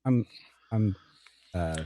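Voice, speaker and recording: Western PA man hosting a relaxed chat stream, dark, slightly low voice, chatty, quick to laugh. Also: no room sound. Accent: Western Pennsylvania. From Western Pennsylvania. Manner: chatty, laughs easily, greets chat by name. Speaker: livestream host. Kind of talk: casual chat with viewers.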